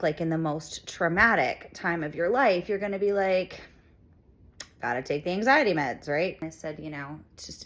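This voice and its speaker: A middle-aged woman speaking earnestly and reflectively to viewers, pausing often with ums as she shares a personal message. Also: fairly low pitch, a bit bright. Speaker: channel host. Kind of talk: personal heartfelt talk to viewers.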